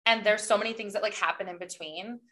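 A woman co-hosting a casual book podcast, talking in an animated, chatty way with lots of fillers. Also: medium pitch, quick pace. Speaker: podcast co-host.

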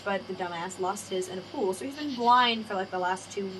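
A woman's voice: mid-range voice, fairly quick, fairly bright tone, rough recording. A young adult woman hosting a casual podcast chat, rambling along and swearing freely as she tells stories. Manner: rambling, swears freely, acts out quoted voices. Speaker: podcast host. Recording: faint background noise.

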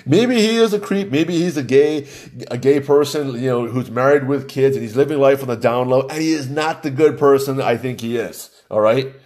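A man's voice: medium pitch, normal speed, darkish tone. A man giving opinionated news commentary in a mocking tone, laughing often as he talks.

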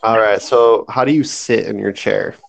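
A man's voice: lowish voice, steady tone, normal speed, gravelly. A man joining a podcast as a guest in casual chat, drunk, rambling and swearing.

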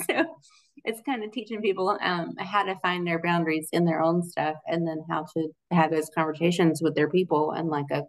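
A woman's voice: low-pitched, fast talker. A young adult woman in a casual interview, talking in a chatty, loose way with many "like" fillers and frequent laughs. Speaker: guest, Christian relationship coach.

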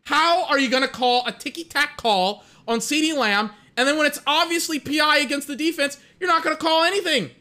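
A man giving live fan commentary on a game, excitable and exasperated, swearing and saying "like" often as he rants at the officials. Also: very high-pitched, brisk, few pauses. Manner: excitable, exasperated, profane rant with filler "like".

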